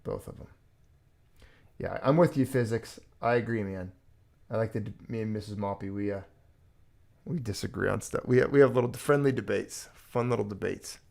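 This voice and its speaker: A man's voice: on the low side, moderate pace, gravelly, darkish tone. A man hosting a casual livestream chat, rambling with fillers and restarts. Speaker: livestream host.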